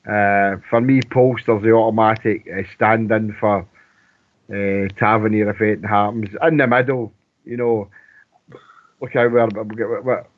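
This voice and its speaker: A man's voice: on the low side, fairly even intonation. A Scottish man chatting casually about football on a radio phone-in, rambling and restarting his sentences. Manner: rambling, halting with many restarts. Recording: tinny phone line.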